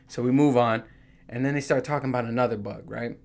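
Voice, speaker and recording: A man's voice: mid-range voice, fast talker, vocal fry, a little mellow. A man from New Jersey telling rambling, profane stories in a casual vlog, full of fillers like "you know" and "right?". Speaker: vlogger.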